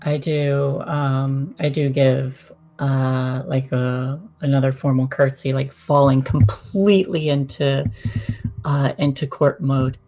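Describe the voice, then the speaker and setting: A woman playing in a tabletop game, speaking in a halting, hesitant way. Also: extremely low pitch, flat delivery, mellow. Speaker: player. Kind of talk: casual tabletop game play.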